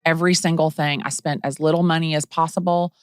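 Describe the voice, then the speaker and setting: A middle-aged woman from the Atlanta area, a real estate agent telling her story in a casual interview, bubbly and animated, acting out quotes. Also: low-pitched, fast, smooth, dry recording, clean studio sound.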